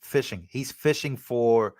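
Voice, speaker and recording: Excitable man reacting to clips. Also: mid-range voice, a little slow, no echo. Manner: excitable, full of fillers and repeats. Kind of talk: casual reaction commentary.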